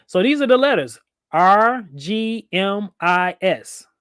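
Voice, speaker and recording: A man's voice: sits high, very animated, slow pace, fairly bright tone, clean tone, dry recording, clean studio sound. Playful man hosting a livestream. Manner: playful, reads viewer comments aloud, laughs often. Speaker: livestream host. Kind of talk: casual livestream chat.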